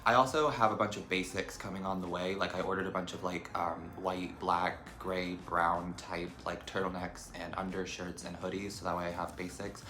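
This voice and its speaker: A man's voice: sits low, flat delivery, normal speed, hardly any pauses, bright, forceful tone, a little hiss or hum. A young man chatting casually to camera as a lifestyle vlogger, full of trendy slang and "like" fillers. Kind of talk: casual vlog chat. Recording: echoey room with faint background music.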